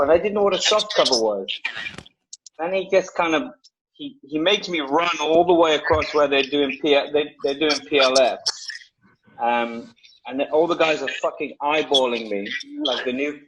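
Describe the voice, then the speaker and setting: Swearing, animated male storyteller. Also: on the high side, lo-fi sound, background noise. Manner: swears freely, animated anecdote with laughs. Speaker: actor guest. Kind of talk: casual storytelling.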